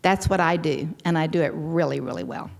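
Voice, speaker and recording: A Texan woman in her sixties telling her personal story at a convention with wry, self-deprecating humor and sudden lively leaps in pitch. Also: fairly quick, gravelly. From Texas. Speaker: convention speaker sharing her recovery story.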